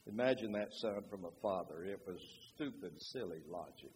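A man's voice: sits low, animated, normal speed, hardly any pauses, a little mellow. Man reading aloud with swelling emotion. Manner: emotional, swelling dramatic delivery. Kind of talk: sermon with dramatic reading. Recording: faint hiss, long hall reverb.

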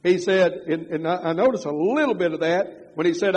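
An older man preaching a sermon, moving from loud emphatic passages to quiet confessional storytelling. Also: high-pitched, fairly quick, husky. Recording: dull reverberant hall.

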